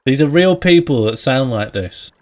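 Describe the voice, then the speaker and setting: A man's voice: mid-range voice, lively intonation, normal speed, darkish tone. A man live-streaming a video game, chatting playfully with his viewers and friends, laughing often and talking to himself as he plays. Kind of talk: casual live-stream chat while gaming.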